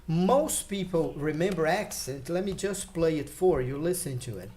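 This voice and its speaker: A man's voice: lively intonation, normal speed, darkish tone. Man teaching English patiently. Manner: patient and explanatory, lets listed words fall in pitch; thinks aloud with fillers and restarts. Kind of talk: online English lesson for learners.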